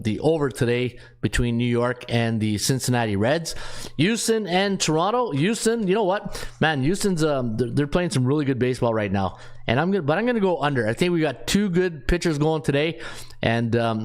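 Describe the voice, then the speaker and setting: A man with a slightly high-pitched voice hosts a sports betting show. He talks through his picks casually, thinking out loud and reading numbers off a sheet. His speech is full of relaxed fillers. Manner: thinks aloud, reads off stats with frequent fillers.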